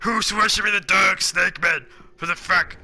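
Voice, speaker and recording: A man with a sore throat giving excitable let's play commentary, swearing a lot and narrating his own moves. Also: sits high, normal speed. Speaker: gaming commentator. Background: game music.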